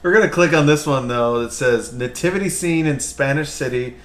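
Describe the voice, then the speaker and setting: A man's voice: fairly high pitch, brisk, fairly bright tone. A man hosting a casual podcast, reading news headlines aloud and joking about them. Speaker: podcast host. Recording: roomy echo.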